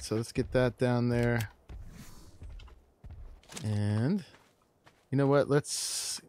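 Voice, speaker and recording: Relaxed rambling man streaming a game. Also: mid-range voice, noisy background. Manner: relaxed, rambling, chuckles often. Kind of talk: casual live-stream commentary.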